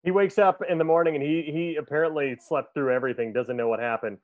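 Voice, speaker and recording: A man with a voice on the higher side, talking fast and excitedly as he rambles through a film recap and laughs along the way. The sound is dry and close, with a slightly muffled, lo-fi edge. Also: dry recording. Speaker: podcast co-host. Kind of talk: casual chat, fast plot recap.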